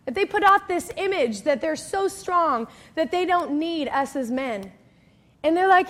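A woman's voice: very high-pitched, animated, a little slow, fairly bright tone. A woman pastor giving a chatty, emphatic sermon, often checking in with the crowd and acting out little scenes. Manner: acts out quoted people in story.

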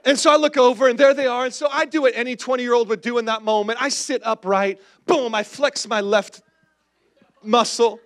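A man's voice: extremely high pitch, steady tone, fast talker, few pauses. A man in his forties, a pastor telling a humorous personal story in a sermon and calling out to the congregation.

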